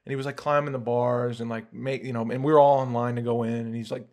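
A man hosting a podcast, telling a story in a casual, animated way with swearing and laughs. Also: medium pitch, fast. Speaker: podcast host. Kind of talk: casual chat.

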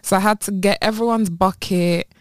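A young woman with a British accent, co-hosting a casual podcast chat with friends and telling stories in a blunt, slangy, animated way. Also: mid-range voice, normal speed, dry recording, studio quality. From England. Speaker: podcast co-host.

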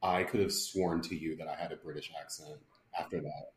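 A woman, co-hosting a podcast, laughing often and telling stories with lively energy. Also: very deep voice, fairly quick, reverberant. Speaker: podcast co-host, middle sibling. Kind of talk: casual chat.

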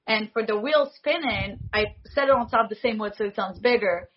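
A woman in her forties, a foley artist, telling stories in an animated way and acting out the dialogue she quotes. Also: mid-range voice, normal speed, muffled recording. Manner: animated, acts out quoted dialogue, laughs often. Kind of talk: casual interview storytelling.

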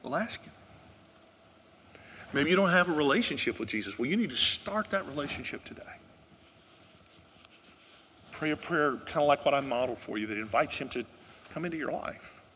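Bright-voiced male pastor preaching. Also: fairly high pitch, animated, normal speed, pauses often, big-room sound, slight background noise. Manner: earnest storytelling that asks the congregation questions. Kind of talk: sermon.

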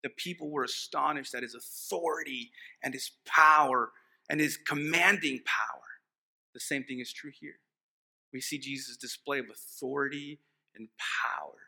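A man's voice: medium pitch, bright, forceful tone. A man preaching a sermon as pastor, conversational and emphatic, joking with the congregation and restarting phrases.

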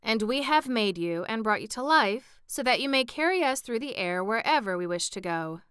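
A woman's voice: on the high side, expressive, moderate pace, a bit bright, smooth, dry recording, clean studio sound, pitched above the performer's own voice. A woman voicing an eager young boy in a storybook reading. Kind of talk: audiobook reading.

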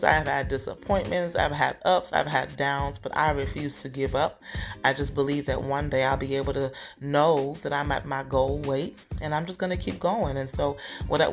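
A woman's voice: low voice, creaky. A woman hosting a faith podcast, speaking in a heartfelt, emotional way that turns teary at times. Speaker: podcast host.

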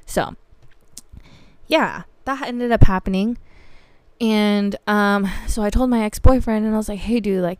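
A woman's voice: mid-range voice, moderate pace, clear, resonant tone, dry recording. A young woman hosting a podcast, casually telling a story with heavy swearing and frequent laughter. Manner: profane, animated, laughs often. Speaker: podcast host.

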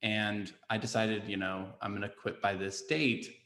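A man with a fairly low voice hosts a casual podcast chat, thinking aloud with frequent "um" and "right?". His voice carries a roomy echo. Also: level tone, unhurried, a bit bright. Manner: reflective, loose, many fillers and "right?".

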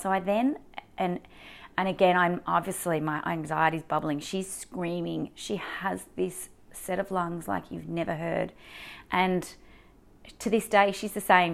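Speaking in a lowish voice with vocal fry, an Australian woman, a mother, recounts something personal. She's candid and emotional, animated throughout, and keeps stumbling into fillers and restarts.

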